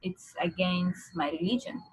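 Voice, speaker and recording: A woman's voice: on the low side, unhurried, slight background noise, poor audio. A woman teaching an English speaking exam class online, explaining step by step and repeating key phrases for her learners.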